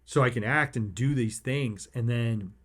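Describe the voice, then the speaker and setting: A man hosts a motivational podcast, talking in a loose, rambling way. He gets excited and emphatic as he drives home his points. His voice sits in a plain middle pitch. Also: unhurried. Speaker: podcast host.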